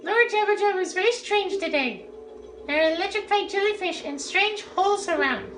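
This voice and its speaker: A woman's voice: very high-pitched, expressive, normal speed, a bit bright, soft background music. A woman voicing a bossy, proud young fish-girl princess who speaks imperiously and dismissively in a video game. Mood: haughty. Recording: echoey roomy sound.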